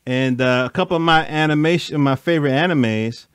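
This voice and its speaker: Host, man, smooth resonant voice, relaxed and chatty, dry close recording. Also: a little high, a little fast, dry recording. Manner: laid-back, trailing questions like "you know what I mean". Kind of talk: casual conversation.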